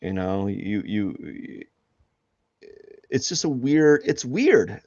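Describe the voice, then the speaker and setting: Low-voiced man rambling while he draws. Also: very animated, very slow, darkish tone, no echo. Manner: rambling, many restarts and fillers, laughs at himself. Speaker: artist streaming live drawing. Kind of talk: casual talk while drawing live. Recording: dull lo-fi dry sound.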